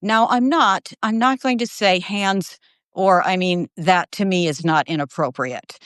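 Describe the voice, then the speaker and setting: A middle-aged woman co-hosting a casual live conversation, talking in an animated way and now and then acting out the people she quotes. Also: medium pitch, measured pace, no echo, clean studio sound. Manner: animated, quotes others in put-on voices. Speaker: journalist and co-host.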